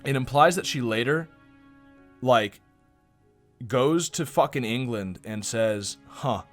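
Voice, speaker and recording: A male streamer gives casual, laid-back commentary with a bright, crisp tone and a mid-range voice. His asides are loose and peppered with swearing, over soft background music. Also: mid-range voice, animated, takes it slowly.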